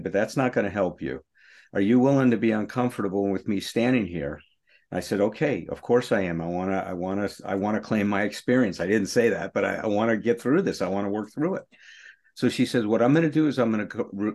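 A middle-aged man co-hosting a recovery podcast, telling a painful personal story in an earnest, emotional way. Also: mid-range voice.

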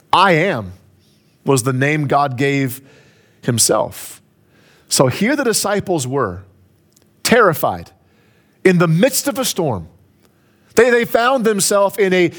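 A man's voice: high-pitched, a bit bright. A man preaching a sermon, emphatic and building to raised peaks, repeating key phrases for effect. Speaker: pastor.

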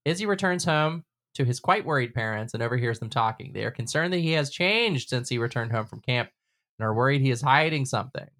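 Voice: medium pitch, lively intonation, brisk, fairly bright tone. A podcast host recapping a cartoon episode in casual chat, laughing often and swearing freely. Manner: laughs often, loose and profane.

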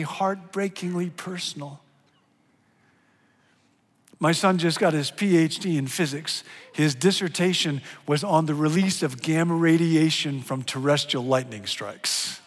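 A middle-aged man preaching a sermon as a pastor, animated and swinging from hushed to loud and emphatic. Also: on the high side, a little slow. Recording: long hall reverb.

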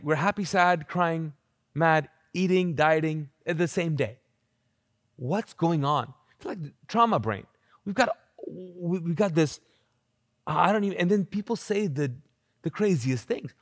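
Male pastor, fairly high voice, dry close mic, lively conversational live sermon. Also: unhurried, dry recording. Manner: conversational, animated preaching with rhetorical questions. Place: church auditorium.

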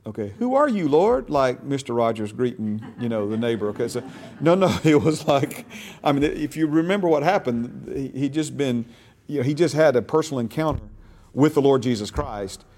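A man's voice: mid-range voice, normal speed, darkish tone. A man teaching a Bible class in a conversational way, repeating phrases for emphasis and checking that his listeners follow him.

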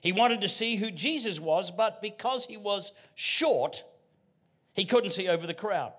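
A middle-aged Australian man from Queensland preaching a sermon as a guest pastor, telling stories with humor and dropping to hushed tones. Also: high voice, lively intonation, a little slow. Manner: storytelling with humor, dynamic swings from loud to hushed. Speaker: visiting pastor.

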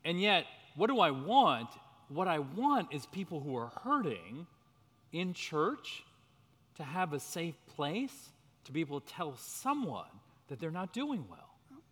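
A man's voice: on the high side, sing-song, unhurried, fairly bright tone, breathy edge. A man leading a church parenting workshop, speaking in an earnest teaching manner, often breaking into laughs. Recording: reverberant hall.

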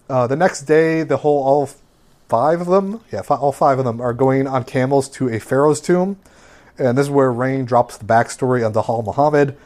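A man's voice: mid-range voice, moderate pace, darkish tone. A man casually recapping an anime episode on a podcast, rambling with lots of fillers. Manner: rambling, filler-heavy summarizing.

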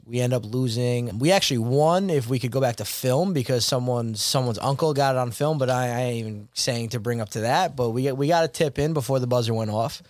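A man who coaches basketball and teaches, telling a story in a casual podcast chat, animated and slangy, with some mild swearing. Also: medium pitch, fairly quick, hardly any pauses, dry recording.

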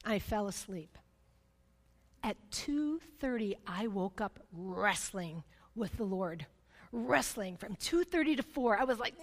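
High-voiced woman preaching in a reverberant hall. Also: moderate pace. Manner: personal storytelling, emphatic, frequent "right?" asides; swings between loud excitement and hushed intensity. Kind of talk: sermon.

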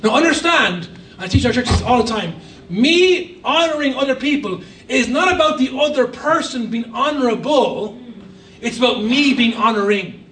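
A man's voice: very high voice, animated, normal speed, a bit bright, roomy sound, recorded from a distance, slight background noise, low-quality recording. A man preaching a sermon as a guest pastor, emphatic with humorous asides. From Ireland. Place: church hall.

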